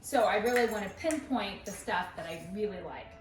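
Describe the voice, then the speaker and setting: A woman's voice: lively intonation, brisk. A woman dog trainer explaining and demonstrating in a chatty, upbeat way. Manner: chatty, upbeat, switches to high praise voice with the dog. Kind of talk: instructional dog training demo. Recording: roomy echo, voice from a distance, faint music.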